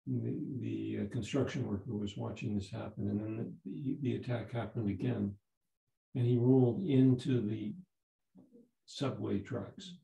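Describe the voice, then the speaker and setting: A man in his seventies, a Zen teacher giving a dharma talk, telling a story in a halting way with many restarts. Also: on the low side, steady tone, gravelly, mellow. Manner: halting, repeats words and restarts. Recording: roomy echo.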